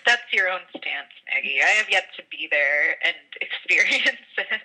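A woman's voice: fairly low pitch, animated, normal speed, pushed and bright, rough recording. A woman co-hosting a podcast remotely, making dry, teasing jokes in casual chat. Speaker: podcast co-host.

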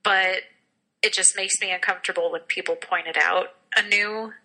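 A woman chatting casually as a podcast co-host. Her voice is very bright and sharp. She talks freely, laughs often and pokes fun at herself. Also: medium pitch, steady tone, normal speed, rough recording. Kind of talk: casual chat.

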